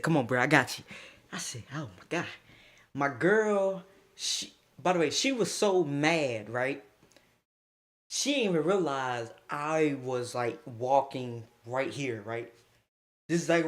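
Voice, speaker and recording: A young man streaming live from his phone, telling a crude, excitable story and acting out what others said. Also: on the high side. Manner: crude, excitable, acts out quotes.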